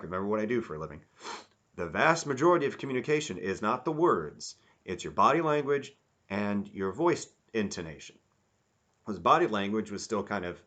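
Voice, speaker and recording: A man giving a rambling, casual review, animated and acting out quotes in mock voices. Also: lowish voice. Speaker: YouTube reviewer.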